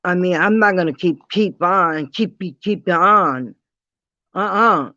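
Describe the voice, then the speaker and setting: A woman ranting bluntly to her viewers in a casual vlog, defiant and dropping quick apologies. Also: on the low side, bright, forceful tone, no room sound. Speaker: vlogger. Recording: dull lo-fi dry sound.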